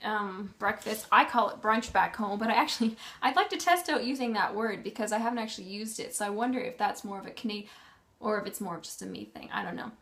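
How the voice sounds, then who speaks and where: A woman's voice: mid-range voice, quick pace, fairly bright tone. A young woman vlogging in a casual, rambling way, full of ums and self-corrections. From Canada. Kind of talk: casual chat.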